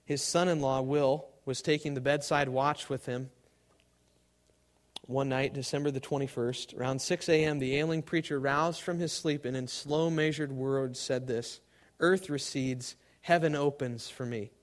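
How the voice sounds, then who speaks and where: A man preaching a sermon to a live congregation, swinging between loud emphasis and hushed, quiet tones. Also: medium pitch, steady tone, normal speed.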